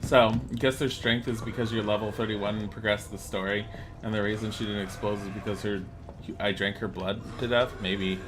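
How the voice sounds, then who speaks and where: A man's voice: lowish voice, fairly even intonation, normal speed. A man chatting sarcastically through a video game, talking to his chat as he plays. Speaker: streamer. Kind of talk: casual gameplay commentary. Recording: game music behind voice.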